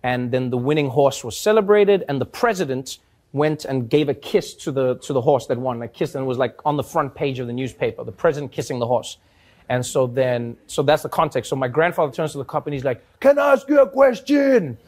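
A man from Africa, telling funny stories in an animated way, laughing often. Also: medium pitch, fairly quick. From South Africa. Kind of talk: casual comic storytelling.

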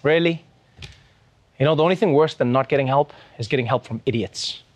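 A man's voice: mid-range voice, quick pace. A man hosting a late-night comedy show, delivering a scripted monologue with sarcastic, exasperated asides.

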